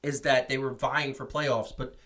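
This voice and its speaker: A man co-hosting a casual sports talk show, animated and opinionated, often restarting his sentences. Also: mid-range voice, normal speed. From New York. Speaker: podcast co-host. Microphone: streamed show mic.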